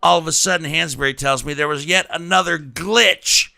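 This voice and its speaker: A man's voice: a little high, normal speed, gravelly, bright, forceful tone. A man hosting a casual podcast chat, joking and stammering through restarts. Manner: joking, stammering restarts, puts on voices for quotes. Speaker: podcast host.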